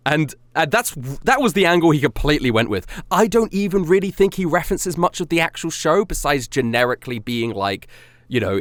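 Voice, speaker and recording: A man talking casually on a stream, rambling through his own songs and judging them with self-critical honesty. His voice swings widely in pitch as he gets animated. The sound is close and dry with no room around it. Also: a little fast, no echo.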